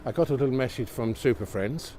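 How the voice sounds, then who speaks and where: With an iPhone mounted on a gimbal, this man streams live as he strolls through a windy, snowy night, talking at a quick clip in a medium-pitched voice. He's mildly excited and full of exclamations about the scenery, frequently asking viewers questions.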